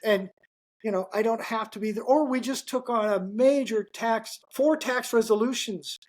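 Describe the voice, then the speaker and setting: A man's voice: extremely high pitch, normal speed. An older man, a business owner, chatting casually as a podcast guest and telling folksy stories with lots of asides. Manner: folksy and anecdotal, with many asides. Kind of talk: casual interview chat.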